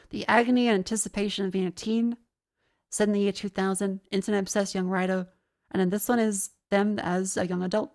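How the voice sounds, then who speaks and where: A woman's voice: mid-range voice, a little mellow. A woman streaming in casual, sweary chat, with a sinus infection. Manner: casual and sweary, laughs often.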